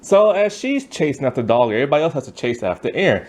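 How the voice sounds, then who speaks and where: Animated man recapping a show. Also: medium pitch, quick pace. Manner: animated, laughs often, acts out characters' lines while retelling. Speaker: TV show reviewer. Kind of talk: casual recap and review.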